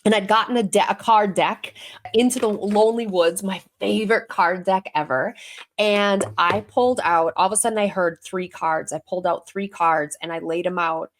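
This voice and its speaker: A woman guest on an interview podcast, telling her story in a casual, animated way and acting out the voices she quotes. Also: mid-range voice, moderate pace. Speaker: guest, intuitive healer and medium.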